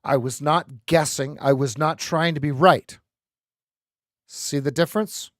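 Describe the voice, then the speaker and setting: A man hosting a live trading stream, explaining charts in an animated, joking way and often repeating his words. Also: on the high side, measured pace, dry recording, studio quality.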